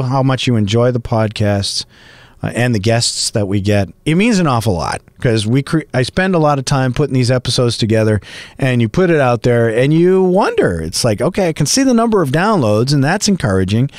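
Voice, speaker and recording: A middle-aged man hosting a podcast, talking in a chatty, rambling, animated way. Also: mid-range voice, no echo. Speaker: podcast host and voice actor. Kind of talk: casual podcast monologue.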